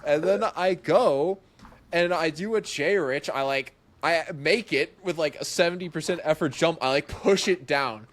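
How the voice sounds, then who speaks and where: A young male podcast guest, his voice on the high side and his pace moderate, recounts a story in a casual, lively way. He frequently laughs and performs what the people in it said.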